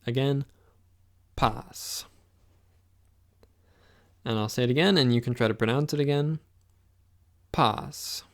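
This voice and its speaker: A man teaching a pronunciation lesson, saying each word slowly and repeating it so the listener can follow along. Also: medium pitch. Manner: slow, patient, repeats words for the listener. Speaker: language teacher.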